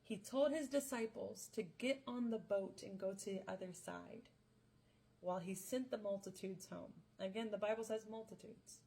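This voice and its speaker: A young woman podcast host retelling a Bible story casually, playful and full of slang and quick joking asides. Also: mid-range voice, mellow.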